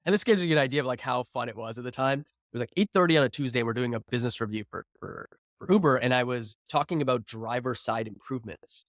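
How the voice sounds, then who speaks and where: A man in his thirties, a founder appearing as a podcast guest, tells stories in a loose, chatty way, full of "like" and restarts. He talks quickly at medium pitch, a bit bright, in a clean, echo-free studio recording.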